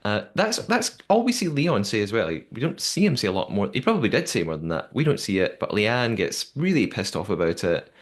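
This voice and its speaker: A man's voice: fairly low pitch, sing-song, brisk. A man hosting a podcast, recapping a show in casual chat, laughing often and quoting people in put-on voices. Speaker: podcast host.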